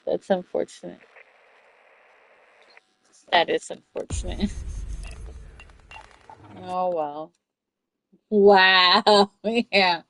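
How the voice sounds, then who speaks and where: A woman streaming a game, chatting casually, swearing and yelling for help in bursts. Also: fairly low pitch, extremely slow, gravelly, long pauses, poor audio. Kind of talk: casual gameplay commentary.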